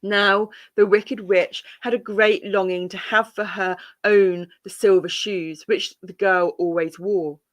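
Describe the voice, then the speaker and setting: Calm woman reading a storybook aloud. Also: medium pitch.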